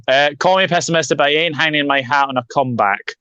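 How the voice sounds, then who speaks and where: Football host on a dull, dry mic. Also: male voice, a little high, fast talker, bright, forceful tone, clean tone, dry recording. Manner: jokey, reads out live comments. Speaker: podcast host. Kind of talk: live football preview chat.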